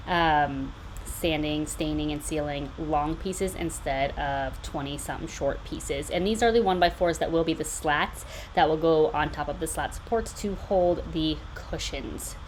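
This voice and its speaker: Upbeat chatty woman, low-pitched voice. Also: slight background noise, poor audio. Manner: upbeat and chatty, with frequent fillers and asides. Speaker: DIY builder and tutorial host. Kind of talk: step-by-step DIY tutorial voice-over.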